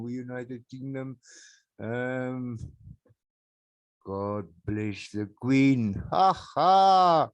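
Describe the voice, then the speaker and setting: A South African man hosting a solo podcast, rambling and mocking, with sudden loud outbursts and laughs, on a backup microphone. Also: mid-range voice, very slow, pauses often, smooth, no room sound. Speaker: podcast host.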